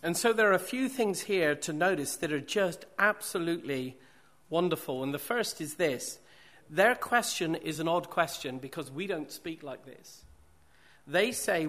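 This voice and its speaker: A man's voice: fairly high pitch, lively intonation, a little slow, fairly bright tone. Man preaching with rhetorical questions. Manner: rhetorical questions, emphatic repetition. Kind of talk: sermon.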